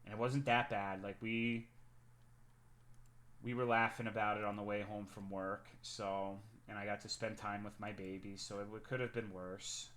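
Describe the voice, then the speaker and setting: Chatting casually on his stream, a young man spins a story packed with swearing, growing animated when excitement hits. He speaks at a moderate pace in a voice on the low side.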